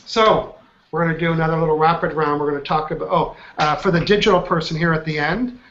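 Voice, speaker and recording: A man's voice: fairly high pitch, fairly even intonation, fast, a bit bright. A man leading an online coaching class, upbeat and chatty, often checking in with his students. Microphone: video call. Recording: muffled online call audio.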